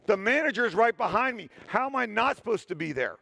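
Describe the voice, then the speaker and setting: A man with a high, gravelly voice tells a story on stage in a conference talk. He jokes often and pokes fun at himself. His voice sounds dry and close. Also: fast talker, dry recording. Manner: animated, joking, self-deprecating. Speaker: security tester giving a talk. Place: stage in a hall.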